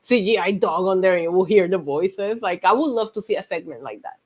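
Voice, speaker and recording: A woman's voice: fairly low pitch, brisk, husky. A woman co-hosting a podcast in casual banter, teasing and insistent. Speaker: podcast co-host.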